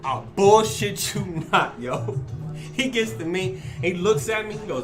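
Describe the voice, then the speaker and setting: A man in his thirties telling a story in casual chat, animated and swearing, acting out the people in it. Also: sits high, measured pace, over music. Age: 30s. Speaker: podcast host.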